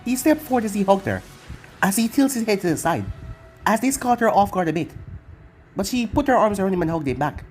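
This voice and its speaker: A narrator reading fan fiction aloud in an even, machine-like way, with odd misreadings. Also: mid-range voice, fairly quick, soft background music.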